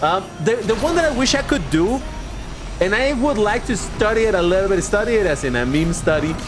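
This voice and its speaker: A man with a light Mexican accent, chatting casually and excitably while livestreaming a racing game. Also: high-pitched, noisy background. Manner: chatty, excitable, quick to laugh. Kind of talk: casual live commentary while gaming.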